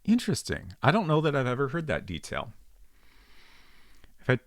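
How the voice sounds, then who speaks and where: A man's voice: medium pitch, huge pitch swings, normal speed, dry recording, studio quality. A man streaming an old detective game, thinking aloud in a casual, rambling way with frequent ums as he works things out. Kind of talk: casual let's-play commentary.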